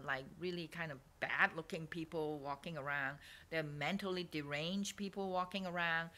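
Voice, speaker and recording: Low, bright-toned woman vlogger; digressive, self-interrupting, drifts into near-whispers. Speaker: artist vlogger. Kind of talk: rambling casual monologue. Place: swap meet stall.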